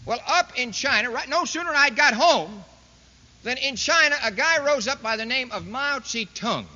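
A man's voice: extremely high pitch, animated, moderate pace, bright, forceful tone. A man giving a political speech to a live audience, folksy and sarcastic, full of rhetorical questions. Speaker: speaker addressing an audience. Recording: dull lo-fi recording in a reverberant hall.

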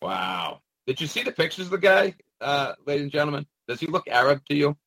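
A man's voice: fairly high pitch, lively intonation, a little fast, gravelly, a bit bright, no echo, low-quality recording. A man talking in a sarcastic, rambling monologue, with mocking asides and frequent hesitations. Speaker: commentator. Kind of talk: casual monologue commentary.

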